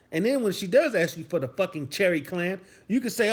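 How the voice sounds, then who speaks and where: A man in his thirties delivering a loud, profane comedic rant, mock-scolding his chat as a streamer. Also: sits high, animated, brisk, hardly any pauses, breathy edge.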